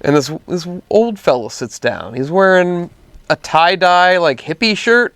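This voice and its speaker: A podcast co-host tells a work story in casual conversation, animatedly acting out the people in it and their quotes. His high-pitched voice is clean in tone and measured in pace, on a dry recording.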